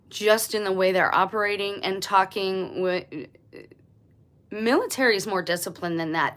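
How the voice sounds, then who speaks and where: A woman's voice: medium pitch, a bit bright. A woman hosting her own channel, talking straight to her viewers in an insistent, conversational monologue and repeating her points for emphasis. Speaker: channel host. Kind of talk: conspiracy monologue to camera.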